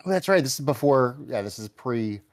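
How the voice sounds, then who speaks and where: A man's voice: medium pitch, animated, brisk, no room sound, studio quality. Rambling, enthusiastic male podcast co-host. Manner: rambling, enthusiastic, hedging with fillers. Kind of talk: casual comic book podcast chat.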